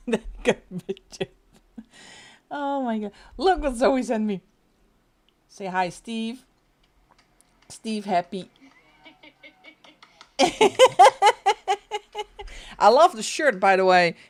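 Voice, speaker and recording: A woman's voice: mid-range voice, lively intonation, slow pace, long pauses. A woman whose first language is Dutch, speaking English with a Flemish accent, hosting a live stream and chatting casually while colouring, giggling often.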